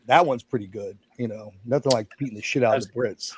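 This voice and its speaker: A man's voice: mid-range voice, quick pace, a little hiss or hum. A man in his forties, a guest on a stream, telling his story casually in a blunt, self-mocking way. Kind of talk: casual chat.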